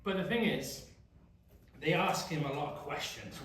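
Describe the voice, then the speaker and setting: A man's voice: on the high side, animated, moderate pace, a bit bright. English youth pastor guy chatting through a bible lesson, lots of questions to the kids, roomy echo, faint hiss. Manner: chatty, asks the group questions often. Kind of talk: casual youth Bible study teaching. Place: church youth room. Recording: echoey room, mic far off.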